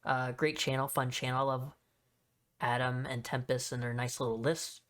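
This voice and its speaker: A man's voice: medium pitch, little pitch movement, normal speed, fairly bright tone. A man hosting his own podcast, talking through a recap in a loose, rambling way, full of fillers and offhand swearing. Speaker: podcast host. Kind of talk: casual solo podcast recap.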